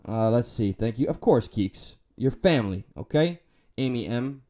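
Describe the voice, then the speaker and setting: A man's voice: mid-range voice, lively intonation, moderate pace, dark tone. A man with a New York accent hosting a livestream, reading chat and talking candidly, swearing and joking as he rambles.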